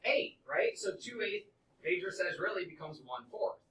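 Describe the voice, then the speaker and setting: A man's voice: high-pitched, sing-song, normal speed, fairly bright tone. A man teaching a middle school math class, quizzing students in an upbeat, coaxing way. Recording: echoey classroom from far off.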